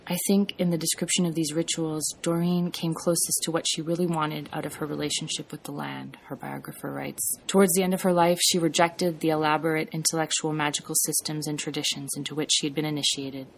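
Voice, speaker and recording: A woman podcast host reading scripted storytelling narration in a measured, reflective way. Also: low voice, little pitch movement, gravelly, slight background noise.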